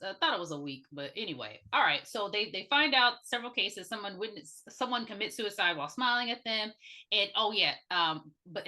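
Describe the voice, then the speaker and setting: A woman with a bright, lively voice co-hosts a casual podcast movie chat. She jumps in with quick questions and joking asides, and her pitch moves around a lot as she talks. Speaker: podcast co-host.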